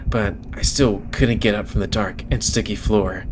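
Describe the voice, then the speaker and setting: A man's voice: on the low side, fairly even intonation, normal speed, hardly any pauses. A man hosting a let's play, reading a visual novel aloud dramatically and then chatting casually.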